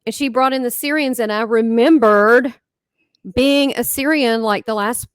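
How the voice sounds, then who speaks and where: A woman with a somewhat high voice tells a personal story in casual chat, jumping up and down in pitch as she acts out what others said. The recording is dry and close, with no room sound. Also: moderate pace, clear, resonant tone, no room sound. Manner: animated storyteller, acts out quoted dialogue with big pitch jumps. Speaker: host. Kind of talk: casual chat recounting experiences.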